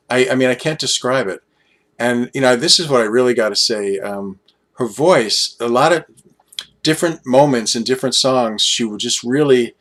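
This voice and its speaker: A man's voice: medium pitch, a bit bright. A man of sixty-one in a casual vlog, chatty and self-deprecating, trailing off and restarting as he rambles, a little tired after a late night. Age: 60s. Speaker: YouTube vlogger.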